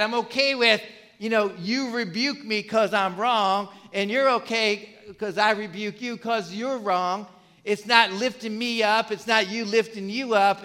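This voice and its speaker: Man, pastor, sermon, bright voice, chatty and questioning, repeats words, long hall reverb. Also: sits high. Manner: conversational, asks the congregation questions, repeats words.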